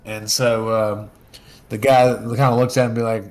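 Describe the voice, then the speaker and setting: A man narrating as game master, casual and full of fillers, slipping into quick character lines. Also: on the low side, level tone.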